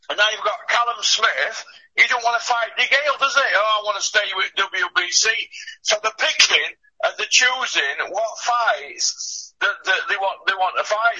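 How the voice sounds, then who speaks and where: A man with a husky voice, ranting bluntly about boxing in casual radio chat, swearing and scoffing. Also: high voice, bright, forceful tone, muffled recording. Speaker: boxing pundit.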